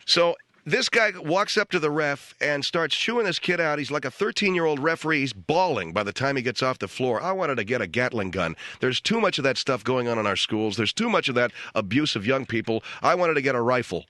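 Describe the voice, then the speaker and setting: Middle-aged guy ranting on comedy radio, bright lively voice, dry close mic. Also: medium pitch, a little fast, few pauses, no room sound. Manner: deadpan rant jumping to shouted quotes. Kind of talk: comic monologue. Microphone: studio radio mic.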